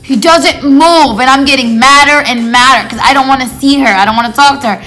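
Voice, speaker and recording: A woman's voice: sits high, a little fast, hardly any pauses, sharp tone, faint music behind. A woman telling a casual storytime, rambling with lots of fillers and acting out what people said. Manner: rambling, filler-heavy, acts out quoted dialogue. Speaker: storytime vlogger.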